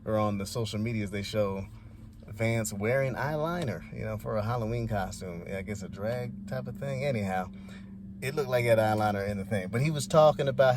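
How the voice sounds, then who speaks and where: A man's voice: lowish voice, fairly quick, noisy background. A man giving rambling, laid-back, slangy commentary as a vlogger. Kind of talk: casual commentary.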